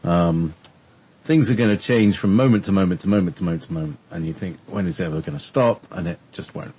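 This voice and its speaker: A man co-hosting a casual talk show, rambling with sudden pitch swings. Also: fast talker, warm tone, a little hiss or hum.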